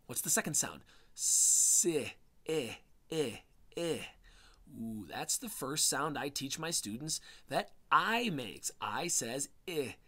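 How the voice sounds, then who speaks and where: A man teaching a spelling lesson to young children, sounding out each letter slowly and encouragingly. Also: medium pitch, sharp tone. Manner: slow, exaggerated phonics sounds, encouraging.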